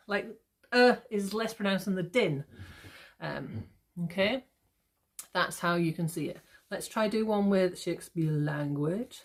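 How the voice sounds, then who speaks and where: A woman teacher talking to her students in a recorded lesson, checking in with "okay?" and slowing right down to exaggerate the stressed syllables. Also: medium pitch, expressive. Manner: slow, exaggerated stress when demonstrating rhythm.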